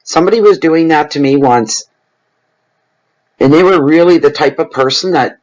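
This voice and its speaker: A man's voice: a little high, poor audio. Blunt, chatty middle-aged man giving a tarot reading. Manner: frank, blunt and conversational, with many fillers. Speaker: tarot reader. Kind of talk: general tarot reading to camera.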